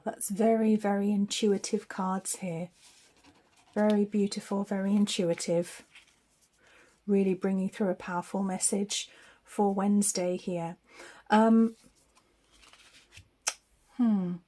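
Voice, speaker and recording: A woman's voice: mid-range voice, warm tone, slightly rough. A woman giving a weekly psychic tarot forecast in a chatty, spiritual way, laughing often.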